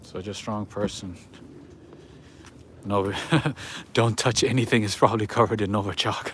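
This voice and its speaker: A man's voice: fairly low pitch, moderate pace, slightly rough. A man hosting a walking livestream outdoors on a city street at night, chatting straight to his viewers and chuckling often. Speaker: livestream host. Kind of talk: casual walking livestream chat.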